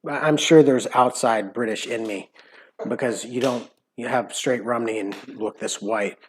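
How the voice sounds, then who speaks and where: A man's voice: medium pitch, normal speed, a little hiss or hum. A man co-hosting a live stream, chatting casually, rambling and joking and repeating his words as he talks. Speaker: co-host of a live cooking stream.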